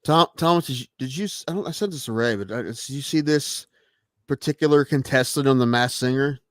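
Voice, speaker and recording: Male co-host, relaxed casual chat, dry close sound. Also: medium pitch, brisk, dry recording. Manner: laid-back, conversational, mild swearing.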